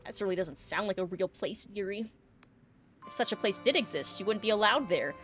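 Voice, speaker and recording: A woman's voice: medium pitch, animated, a little fast, a bit bright, faint music behind, natural voice. A woman reading as a prim, cagey librarian. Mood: sweetly evasive. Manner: sweetly polite, calls people dearie. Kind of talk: reading game dialogue aloud.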